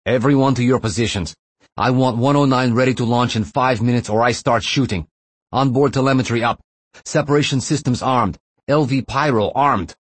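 A man voicing a ruthless male rebel leader who shouts orders at hostages. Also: mid-range voice, moderate pace, slightly rough, dry recording, voice pushed up, close to an everyday voice. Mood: shouting orders. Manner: shouting commands.

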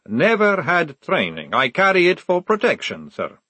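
A man voicing a calm, polite young male recruit who speaks patiently. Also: slightly rough, no room sound. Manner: patient, courteous, high and measured.

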